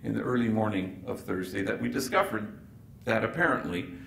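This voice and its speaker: Priest, keynote storyteller, gravelly voice, roomy hall sound. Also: male voice, on the low side, brisk. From Los Angeles. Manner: animated storyteller acting out dialogue, playful asides. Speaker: priest giving a keynote address. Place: large event hall. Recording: echoey hall recording with faint noise.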